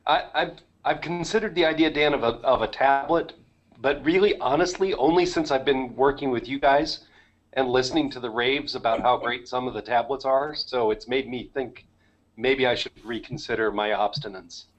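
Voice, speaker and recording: A man's voice: mid-range voice, moderate pace, lo-fi sound. A man on a panel show, talking frankly and a bit self-deprecatingly over a video call. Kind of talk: casual panel chat.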